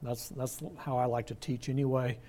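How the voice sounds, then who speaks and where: An older man teaching a Bible study class, explaining word meanings in a conversational way and slowing down to stress key words. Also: mid-range voice, little pitch movement, dark tone.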